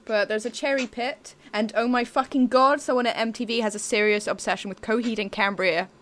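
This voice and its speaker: A woman's voice: on the high side, fairly even intonation, fairly bright tone, a little hiss or hum. A woman co-hosting a casual podcast, recapping a TV episode with lots of laughs and swearing. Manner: giggly, sweary, slow deliberate recap. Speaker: podcast co-host. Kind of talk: casual chat recapping a reality show.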